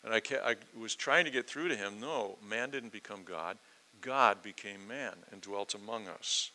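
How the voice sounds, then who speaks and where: Male preacher, bright forceful tone, earnest and emphatic verse-by-verse sermon delivery. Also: on the low side, moderate pace, poor audio. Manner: earnest, emphatic, with rising intensity and quoted questions.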